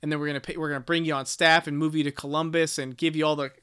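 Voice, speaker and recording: Bright, crisp-voiced man recapping casually. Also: fairly high pitch, level tone, racing. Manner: rambling, profane summarizing with many fillers. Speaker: podcast co-host. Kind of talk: casual book discussion.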